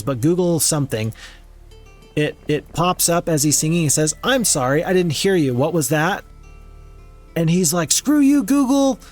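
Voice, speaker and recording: A man hosting a let's play, commenting on a strategy game in a relaxed, rambling, self-amused way. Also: on the high side. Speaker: gaming channel host.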